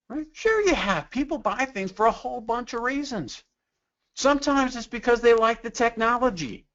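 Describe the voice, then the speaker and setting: A man with a high voice teaches a sales webinar. He talks conversationally, leans on rhetorical questions and slips into quoted customer voices. The audio is dull and lo-fi. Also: animated, a little fast, fairly bright tone. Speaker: sales trainer. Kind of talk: webinar sales training talk.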